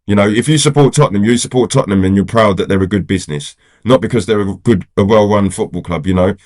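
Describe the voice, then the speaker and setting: Talking fast in a lowish, somewhat dark voice, this male football vlogger rambles on camera with exasperation. He keeps dropping "you know" and "do you get what I'm saying" as he rants.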